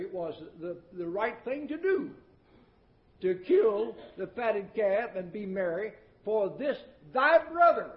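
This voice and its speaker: A high-pitched male preacher delivers a sermon, folksy and emphatic, dropping from loud declaiming into hushed asides. His voice rings through a roomy church. The old recording sounds muffled and dull. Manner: folksy and emphatic, repeats words for effect.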